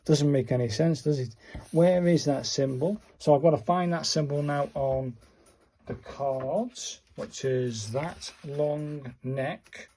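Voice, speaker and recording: Middle-aged man vlogging, slow and mellow, a bit husky, exasperated chatty delivery. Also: fairly high pitch. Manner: chatty, exasperated, talks to viewers while searching cards. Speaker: vlogger learning calligraphy. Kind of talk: casual self-recorded tutorial.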